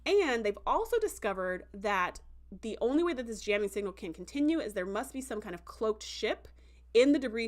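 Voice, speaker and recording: A woman hosting a casual livestream review, chatty and full of "like" and "um" fillers, who slips into animated voices when quoting characters. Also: medium pitch. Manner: breaks into animated voices for quotes.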